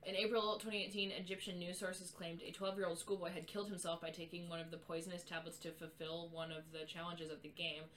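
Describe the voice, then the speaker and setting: A young woman co-hosting a casual podcast, reading articles aloud haltingly and reacting with disbelief. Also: on the low side, flat delivery, a bit bright, low-quality recording. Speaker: podcast co-host.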